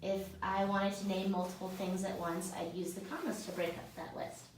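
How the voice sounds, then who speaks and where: A woman's voice: mid-range voice, little pitch movement, normal speed. A female student answers her teacher casually and thoughtfully, with "like" fillers, and reads example sentences aloud. Her voice comes from a distance in a strongly echoing classroom. A faint hiss runs underneath. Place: small classroom. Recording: very echoey room, mic far off, faint hiss.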